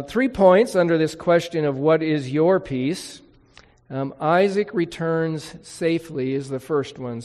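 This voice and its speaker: Slow-speaking male preacher in a hall. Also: on the high side, a little mellow. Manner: teaching, explains Hebrew words and reads scripture aloud. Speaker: pastor. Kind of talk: sermon.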